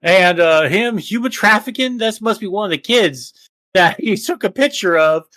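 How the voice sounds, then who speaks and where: Brief: male podcast co-host, high-pitched, profane ranting, dry close mic. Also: lively intonation, moderate pace, bright, forceful tone, dry recording. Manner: profane, ranting, mocks others in exaggerated voices. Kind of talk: casual podcast chat.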